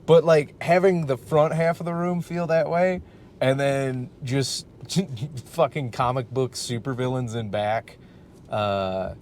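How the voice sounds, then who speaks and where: A man rants in a casual solo podcast, swearing freely and rambling as he works himself up. His pitch sits in an ordinary middle range for a man. A faint rumble of the vehicle he sits in hums underneath. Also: a little mellow. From Michigan, US. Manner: profane, rambling, worked-up ranting with frequent laughs. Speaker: podcast host and stand-up comic.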